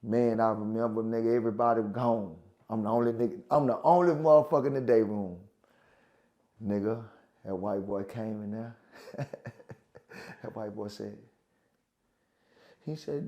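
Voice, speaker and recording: A man telling profane, animated prison stories in casual chat, repeating phrases for effect. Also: lowish voice, moderate pace, long pauses. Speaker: guest storyteller.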